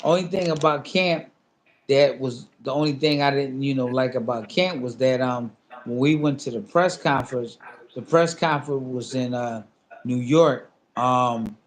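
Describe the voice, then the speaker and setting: A former boxer in his fifties tells a story in a casual sit-down interview, his mid-range voice a little slow against slight background noise. Animated, he acts out both sides of a phone call, speaking loosely and repetitively with lots of fillers.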